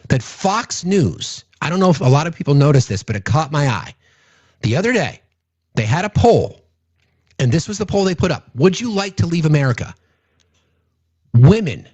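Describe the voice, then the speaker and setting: A man's voice: on the high side, darkish tone, no echo, muffled recording. A man giving casual political commentary, indignant and rambling, often restarting his sentences.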